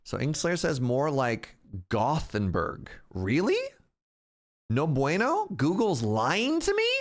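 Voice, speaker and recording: A man's voice: fairly high pitch, huge pitch swings, slow pace. A man streaming a game live, chatting playfully with his viewers. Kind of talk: casual live-stream chat.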